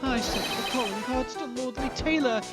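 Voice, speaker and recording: Woman doing a shrill, stammering nervous young man. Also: moderate pace, lightly acted. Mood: frantic. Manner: stammering, yelling confessions. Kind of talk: voicing a game character in a let's play. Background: loud game music.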